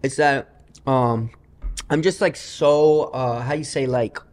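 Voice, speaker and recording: A man's voice: medium pitch, slow pace, darkish tone. A man, a professional gambler, telling loose, rambling stories full of asides as a guest in a casual interview.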